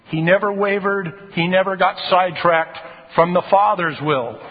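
A man preaching a sermon as a pastor, earnest and pressing harder on key phrases. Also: on the high side. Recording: tinny phone-like sound in a reverberant hall.

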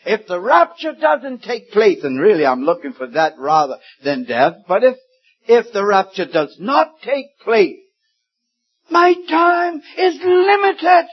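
A man in his seventies delivers a sermon at an unhurried pace, his voice sitting slightly high. He stays deliberate and weighty, then rises suddenly into loud emphatic peaks. The recording sounds dull and lo-fi. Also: very animated, breathy edge. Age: 70s. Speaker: preacher.

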